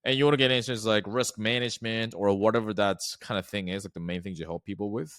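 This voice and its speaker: A man's voice: lowish voice, fairly even intonation, quick pace, fairly bright tone, clear, resonant tone, no room sound, clean studio sound. A man casually walking through a sales call script, acting out sample lines, with frequent fillers like "like" and "right". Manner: filler-heavy, says like and right often. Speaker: sales trainer. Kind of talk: casual instructional walkthrough.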